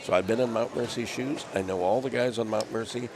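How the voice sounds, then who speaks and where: A man's voice: mid-range voice, fairly even intonation, a little fast, a crowd in the background. A man who coaches college bowling, talking earnestly and humbly in casual chat. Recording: noisy background.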